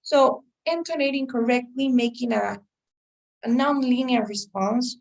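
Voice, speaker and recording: Woman, English teacher, patient explainer, creaky voice, slightly distant mic. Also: on the high side, measured pace, darkish tone. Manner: explains patiently, checks in with "okay, guys?". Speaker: English test-prep teacher. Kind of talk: online class explanation. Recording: voice a little far from the mic.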